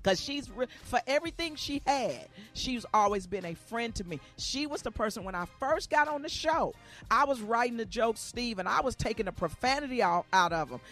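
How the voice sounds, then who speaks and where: Boisterous low-voiced comedian woman. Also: lively intonation, normal speed, fairly bright tone, faint music behind. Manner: boisterous and joking, turning emotional. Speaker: guest comedian. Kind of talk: lively radio chat.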